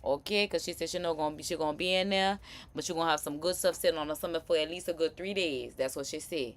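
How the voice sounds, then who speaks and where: A woman with a New Orleans accent hosting a live stream, reacting to news clips in slangy, animated, casual chat. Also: sits low, fast talker, a little hiss or hum. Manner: animated, chatty, slangy, laughing asides.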